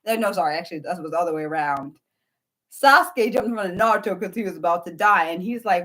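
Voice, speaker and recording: A woman in her thirties chats on a casual livestream. She rambles, restarts her sentences and swears freely, and her voice leaps high whenever she gets worked up. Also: fast, a bit bright. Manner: jumps high in pitch for quoted outbursts. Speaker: livestream host. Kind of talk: casual unscripted livestream chat.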